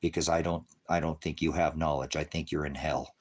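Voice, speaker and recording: A man preaching on a livestream, berating viewers in his chat with constant profanity and swinging between shouting and muttering. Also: very deep voice, fairly even intonation, a little fast.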